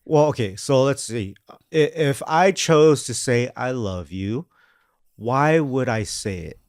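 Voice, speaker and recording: Relaxed man chatting on a podcast. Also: medium pitch, slow pace, dry recording, studio quality. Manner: relaxed, rambling with restarts. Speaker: podcast co-host. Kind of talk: casual chat.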